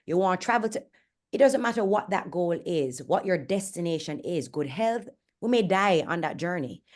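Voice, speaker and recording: A woman's voice: lowish voice, darkish tone. A Jamaican woman in her forties hosting a candid motivational talk, frank and earnest and speaking bluntly. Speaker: host and fitness coach.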